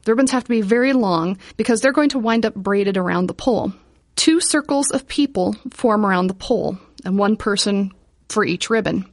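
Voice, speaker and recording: A woman calmly explaining a custom and then reading a children's story aloud, measured and clear. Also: medium pitch, no echo, studio quality.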